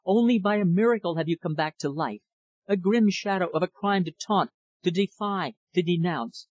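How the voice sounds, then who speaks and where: A man voicing a desperate young woman, husky and shrill. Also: normal speed, dull audio. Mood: distraught. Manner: pleading, intense, breaking into high cries. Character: anguished young woman hiding a dark secret.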